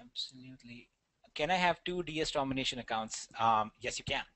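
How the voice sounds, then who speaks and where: A man's voice: mid-range voice, lively intonation, brisk, sharp tone, dry recording. A man with an Indian accent presenting an online webinar, talking earnestly with a rambling delivery and many fillers.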